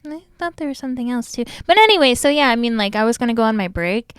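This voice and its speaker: A woman's voice: a little high, expressive, fast talker, fairly bright tone, clean tone, no room sound, studio quality. A woman hosting a casual interview podcast, telling stories animatedly, laughing often and swearing freely. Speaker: podcast host.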